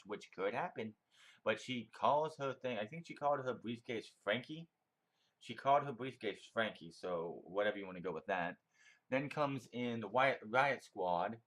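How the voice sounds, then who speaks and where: A man's voice: fairly low pitch, moderate pace, a bit bright. A man giving a casual, opinionated solo review, rambling with frequent restarts. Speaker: wrestling show reviewer.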